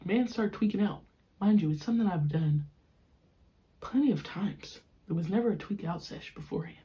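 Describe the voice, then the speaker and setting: A young woman hosting a podcast, telling a personal story in an animated, slangy, frank way. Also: on the low side, moderate pace. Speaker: podcast host. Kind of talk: casual storytelling.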